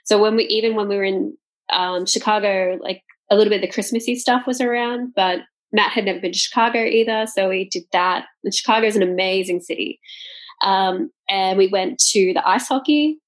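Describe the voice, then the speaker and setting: A podcast co-host with a mid-range voice chats briskly and casually, talking freely with lots of fillers and frequent laughter.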